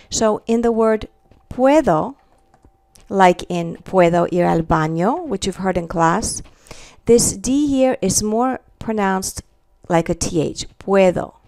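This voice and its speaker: A woman's voice: medium pitch, darkish tone, no echo, clean studio sound. A woman teaching a Spanish pronunciation lesson, repeating each example word and checking in with "okay" and "all right". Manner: slow, careful, repeats example words.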